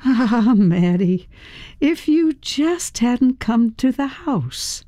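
A woman voicing a cold armed woman who holds someone at gunpoint, speaking in a flat, menacing, drawn-out way. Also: a little high, no echo, studio quality, voice pushed up. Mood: regretful.

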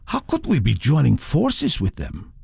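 Brief: narrator voicing earnest, insistent Tuareg man, lively pitch, dry. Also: measured pace, creaky, slightly rough, no room sound, full character voice. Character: secular Tuareg man, wary of militants.

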